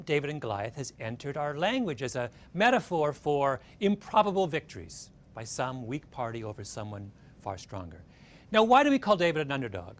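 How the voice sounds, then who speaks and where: A man giving a storytelling talk, telling the story with animation and often checking in with his listeners. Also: mid-range voice. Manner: animated, keeps checking in with "right?". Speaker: speaker retelling a story.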